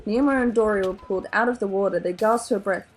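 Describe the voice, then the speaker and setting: A woman with an Australian accent reading a children's novel aloud in an animated, expressive way. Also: mid-range voice, fast talker, soft background music, poor audio. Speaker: storybook reader.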